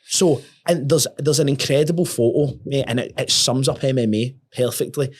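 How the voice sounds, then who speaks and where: A young man, a podcast guest telling a story in casual talk, sweary and animated, often restarting his words. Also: medium pitch, moderate pace, husky.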